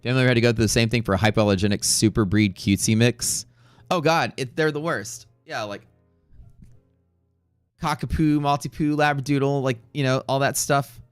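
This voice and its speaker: A man hosting a live trading stream, chatting casually in a rambling way with profane jokes and quick asides to viewers. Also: medium pitch, smooth, no echo, soft background music. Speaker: livestream trading host.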